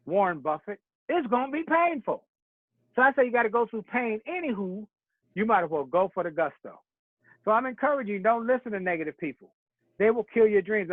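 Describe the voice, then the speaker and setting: A man's voice: high voice, no echo. A man giving a motivational keynote speech, telling stories in a preacherly rhythm with rhymed slogans. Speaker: keynote speaker. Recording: tinny phone-like audio.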